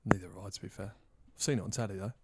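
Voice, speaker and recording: A man's voice: fairly low pitch, steady tone, racing, very noisy. A man hosting a casual podcast quiz, playful and teasing as he reads out the questions. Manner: playful, laughs often, teasing. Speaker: podcast host, quizmaster.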